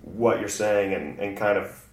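A man's voice: lowish voice, a little slow. A man, a guest comedian from the American South, chatting casually and laughing often. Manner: relaxed, rambling, laughs often. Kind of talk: casual podcast conversation. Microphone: far from mic. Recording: echoey room, distant mic.

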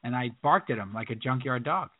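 A man co-hosting a casual sports podcast, animated and jokey, often slipping into impressions. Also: mid-range voice, a little fast, dry recording. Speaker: podcast co-host. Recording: dry tinny phone-like sound.

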